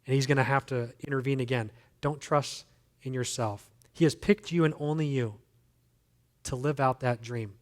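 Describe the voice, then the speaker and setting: A man's voice: mid-range voice, moderate pace. A male guest speaker giving a sermon in a conversational, emphatic way, with self-deprecating humor. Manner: emphatic, repeats key phrases.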